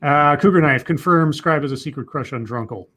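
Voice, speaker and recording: A man's voice: on the high side, brisk, fairly bright tone. A man hosting a casual live podcast, reading out chat questions and rambling with frequent restarts.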